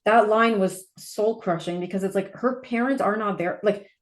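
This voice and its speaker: A woman's voice: medium pitch, moderate pace. A woman co-hosting a podcast, chatting casually and thoughtfully about a novel and using lots of filler words. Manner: thoughtful, analytical, with frequent fillers. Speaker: podcast co-host. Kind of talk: casual book discussion.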